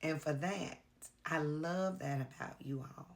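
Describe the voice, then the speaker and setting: Tired woman vlogger, low voice, slow and earnest, confessional to-camera talk. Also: slight background noise. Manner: earnest, confessional, with pauses and fillers. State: tired, worn out. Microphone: camera mic.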